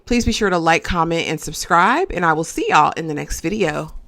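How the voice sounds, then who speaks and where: A woman giving a casual, chatty recap of a reality show, animated and often checking in with the viewer. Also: deep voice, fairly quick. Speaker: reality TV reviewer.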